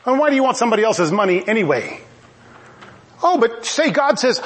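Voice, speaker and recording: High, lively male preacher. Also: a little fast. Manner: animated and emphatic, with laughing asides. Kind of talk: sermon.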